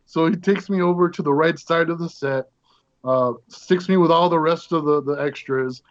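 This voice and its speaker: Man, interview guest, animated storyteller, slightly high voice, muffled lo-fi recording. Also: normal speed. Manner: animated anecdote with acted-out quotes. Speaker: guest actor.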